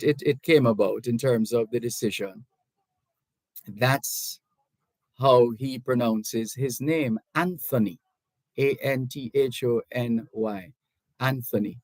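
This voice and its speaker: A middle-aged Jamaican man hosting a call-in radio talk show. He reads listener messages aloud and talks in a measured, deliberate way, often restarting his sentences. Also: medium pitch, no echo, rough recording. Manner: deliberate, measured, with frequent restarts and hedging asides. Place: radio studio. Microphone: studio microphone.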